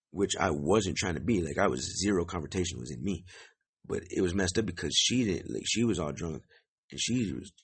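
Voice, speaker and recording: A young man with a very deep, gravelly and husky voice tells a story in a loose, rambling way. He swears freely and fills his sentences with "like". His pitch swings widely as he goes. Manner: rambling, profane, many "like" fillers. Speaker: podcast host. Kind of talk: casual storytelling monologue.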